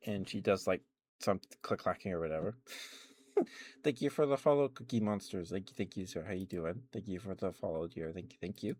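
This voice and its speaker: Guy doing a chill asmr stream, kinda low voice, rambly, laughs a lot, greets chat. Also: lively intonation, fairly quick, darkish tone. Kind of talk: soft-spoken chatty storytelling stream.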